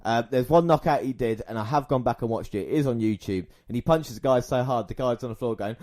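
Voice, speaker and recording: A man's voice: mid-range voice, quick pace, hardly any pauses, a little mellow. Swearing, sarcastic podcast host man. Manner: crude, sarcastic and swearing, often mimicking people. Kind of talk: casual chat reviewing wrestling content.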